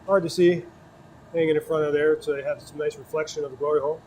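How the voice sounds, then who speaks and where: A man from Wisconsin with a Wisconsin accent, chatting casually while he works at glassblowing on a livestream, relaxed and quick to laugh. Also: fairly high pitch, a little hiss or hum. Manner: relaxed, laughs often, chats while working. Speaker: glassblower streaming his work. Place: glassblowing studio.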